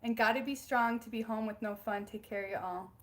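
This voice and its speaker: A bubbly young woman chats casually on a livestream from her home. She laughs often and greets viewers warmly by name. Her voice sits a little high. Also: a little fast. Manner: bubbly, giggly, reads out viewer names. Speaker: spiritual livestream host. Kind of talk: casual live-stream chat.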